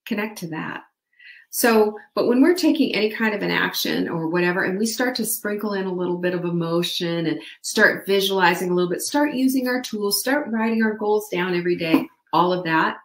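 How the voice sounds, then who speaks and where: A woman with a medium-pitched voice talks briskly in a roomy-sounding space while hosting a live online show. She offers upbeat motivational coaching and addresses her viewers by name.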